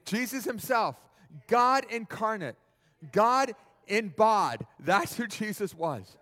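A male preacher delivers a sermon in a high, lively voice that leaps up and down. He keeps asking his listeners to answer back. His words trail into a long reverb in a large hall. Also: slow. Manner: animated, asks the audience questions.

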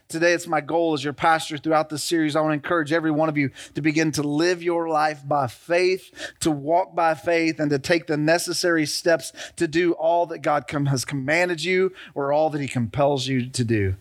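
A middle-aged male pastor with a notably high voice delivers a sermon to his congregation. He retells scripture stories and throws call-and-response questions back at the room.

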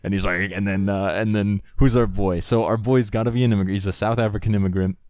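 A man's voice: lowish voice, fairly even intonation, fast, a little mellow, dry recording, studio quality. A young man co-hosting a podcast, rambling and joking, laughing and swearing freely in casual chat. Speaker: podcast co-host.

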